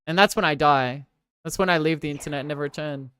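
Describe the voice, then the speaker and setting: A woman's voice: deep voice, fast, clean tone. A young Australian woman streamer from Victoria, chatting casually and sarcastically with her viewers. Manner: joking, sarcastic, loud bursts of protest. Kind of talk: casual live-stream chat reading viewer comments.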